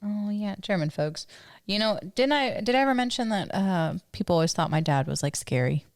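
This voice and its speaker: A woman's voice: mid-range voice, expressive, brisk, no echo, studio quality. A young woman co-hosting a podcast, easygoing and chatty, drawling with fillers. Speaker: podcast co-host. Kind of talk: casual chat.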